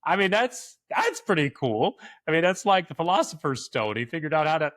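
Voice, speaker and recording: A man's voice: a little high, very animated, a little fast, fairly bright tone, dry recording, studio quality. Enthusiastic man co-hosting a podcast. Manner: enthusiastic, laughs often. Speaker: podcast co-host. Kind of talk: casual chat.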